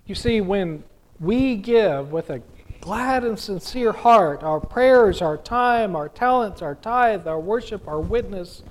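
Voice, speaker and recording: A man preaching as a pastor, slow and emphatic, building through repeated phrases. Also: sits high, expressive, rough recording. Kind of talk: sermon.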